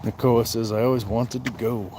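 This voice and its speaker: A man hosting a casual livestream on a night walk, greeting viewers by name and answering their comments in a relaxed way. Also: medium pitch, normal speed, slight background noise. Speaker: livestream host.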